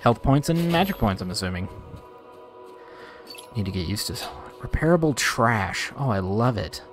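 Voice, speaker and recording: Brief: male let's-player, lively and expressive, chatty with viewers, soft game music under him. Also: on the low side, normal speed. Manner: excitable, talks straight to viewers, rants playfully. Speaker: gaming video creator. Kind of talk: let's play commentary.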